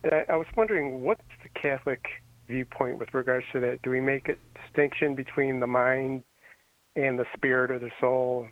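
A man's voice: medium pitch, steady tone, moderate pace, no echo. Hesitant male caller on phone line. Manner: hesitant, many fillers. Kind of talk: phone call to radio show.

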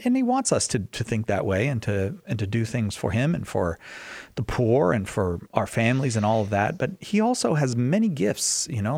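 A man's voice: on the low side, creaky, a little mellow, no echo. A man hosting a radio talk show, speaking conversationally and often restarting his phrases. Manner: conversational, repeats words when starting. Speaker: radio host.

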